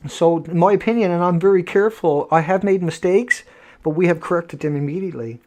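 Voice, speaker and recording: A man with a slightly high voice hosts a live streamed show from home. He rambles emphatically, preaching and repeating himself, and he restarts his sentences often. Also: brisk, darkish tone. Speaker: host of a nightly online show. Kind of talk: rambling live broadcast monologue.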